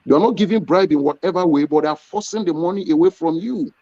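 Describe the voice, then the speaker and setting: A man's voice: a little high, quick pace, warm tone, no echo. Man, earnest, storytelling, very dry sound, dull lo-fi audio. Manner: earnest, storytelling with acted quotes. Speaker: business owner guest. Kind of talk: interview answers.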